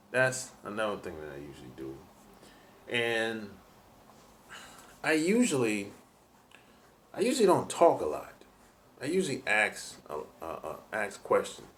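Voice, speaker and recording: A man's voice: lowish voice, a bit bright, slight background noise. A man giving dating advice in a laid-back, rambling monologue full of "you know".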